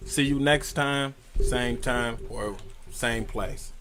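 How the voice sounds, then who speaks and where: A man hosting a radio interview, asking questions haltingly with many fillers, in a radio studio. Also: mid-range voice, a crowd in the background. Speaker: radio show host. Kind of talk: casual on-air interview.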